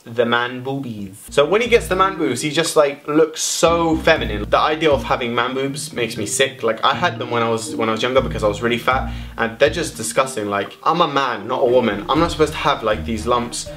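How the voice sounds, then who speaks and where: A man's voice: medium pitch, brisk, few pauses, a bit bright, faint music behind. A young man, ranting animatedly to camera in a casual vlog, full of swearing and exaggeration. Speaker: vlogger.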